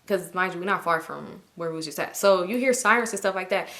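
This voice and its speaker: A woman's voice: fast, hardly any pauses. A woman casually telling a dramatic story from her own life, acting out what everyone said and swearing freely. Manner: animated, acts out quotes in high voices, swears freely. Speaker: storytime vlogger.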